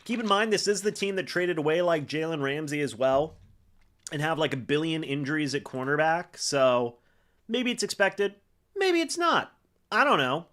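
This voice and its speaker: Young guy streaming a football game live, voice swinging all over, bit high, gets fired up then calms down. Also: moderate pace. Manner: excitable play-by-play with frequent fillers.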